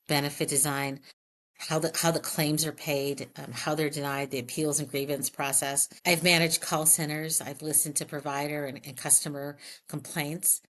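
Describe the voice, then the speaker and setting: A middle-aged woman with a fairly low voice speaks as an interview guest. She tells candid, animated stories and acts out the quoted back-and-forth. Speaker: health plan president, guest. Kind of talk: conversational interview storytelling.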